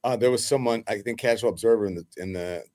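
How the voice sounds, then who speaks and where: Male talk show host, lower pitch, animated and chatty, plenty of ums and restarts. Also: fast, no room sound, clean studio sound. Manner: animated, laughing, with many fillers. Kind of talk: live news talk show.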